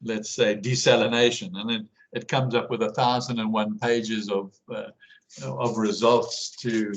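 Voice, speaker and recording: Halting man with a low voice. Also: level tone, a little hiss or hum, low-quality recording. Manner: halting, with many fillers and restarts. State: hiccuping. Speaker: class guide and researcher. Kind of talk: casual conversation.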